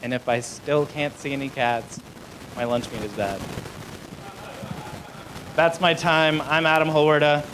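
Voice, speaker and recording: A man's voice: on the high side, fairly even intonation, measured pace, pauses often, noisy background. A young man doing a live stand-up set in a small club, rambling and self-deprecating, with many fillers. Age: young adult. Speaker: stand-up comedian.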